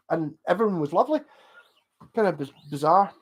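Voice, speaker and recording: A man's voice: on the high side, brisk, breathy edge. Chatty Glasgow-accented man. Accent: Scottish, Glasgow. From Scotland. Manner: rambling, animated, swears, laughs often. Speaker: streamer chatting with viewers. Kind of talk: casual livestream chat.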